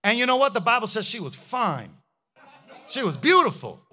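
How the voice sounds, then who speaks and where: Brief: high-pitched male pastor, fiery preaching, lots of rhetorical questions. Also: sing-song, normal speed, sharp tone. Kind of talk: sermon.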